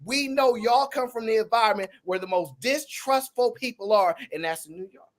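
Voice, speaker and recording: A man hosting a podcast, arguing his point in a casual, animated debate. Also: sits high, moderate pace. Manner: animated, argumentative, drawling. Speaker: podcast host.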